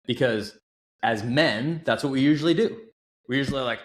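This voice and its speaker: With a mid-range voice at normal speed, a man in his thirties who coaches shares stories as a podcast guest. He is earnest, emphatic and animated throughout the casual interview, and the sound has a roomy echo.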